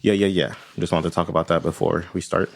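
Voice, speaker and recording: A man's voice: low-pitched, little pitch movement, fast talker, vocal fry. A man running a tabletop game as game master, rambling casually and tagging his points with "right?". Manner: rambling, tags lines with "right?".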